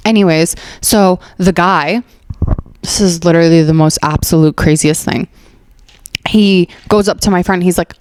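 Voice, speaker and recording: A woman with a fairly low, clean-toned voice speaks unhurriedly in a dry, studio-quality recording. A stand-up comedian hosting her podcast, she tells a rambling, profane comic story packed with "like," acting out other people's lines in animated voices.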